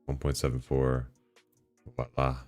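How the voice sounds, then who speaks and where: A man live-streaming, talking casually to himself and his chat while setting up software, swearing and bursting into excited outbursts. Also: very deep voice, unhurried, no echo, soft background music.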